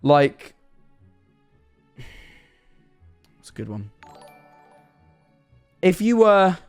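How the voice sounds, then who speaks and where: A man's voice: fairly high pitch, big pitch swings, extremely slow, smooth, soft background music. A young man chatting on a live stream, rambling through absurd hypotheticals and answering his chat. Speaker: livestreamer.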